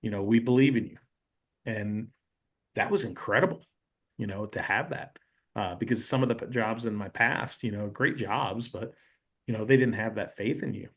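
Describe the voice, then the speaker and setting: A man guest on a podcast, telling animated stories in casual chat and acting out the people he quotes. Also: on the low side, normal speed. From North Carolina. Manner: animated storyteller, acts out quoted voices, many "you know"s.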